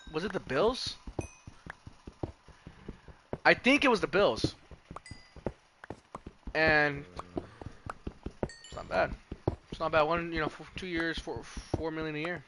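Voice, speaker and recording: A young man talks on a live stream in a loose, profane ramble that keeps cutting itself off and restarting. His voice sits a little high and comes across bright and forceful. There is a faint noise under the recording. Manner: profane, rambling, self-interrupting. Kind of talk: casual live-stream chat about football.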